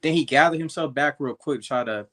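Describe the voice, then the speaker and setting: A man on a live panel, talking through an episode in a relaxed, conversational way. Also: a little high, fast talker. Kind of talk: casual panel discussion.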